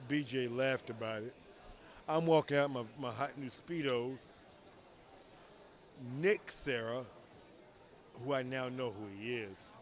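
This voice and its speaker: A man telling stories in a casual interview, acting out quoted dialogue with lively voices and frequent swearing. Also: mid-range voice. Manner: animated, acts out quoted dialogue, swears freely. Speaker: retired fighter telling stories. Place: outdoors at a convention.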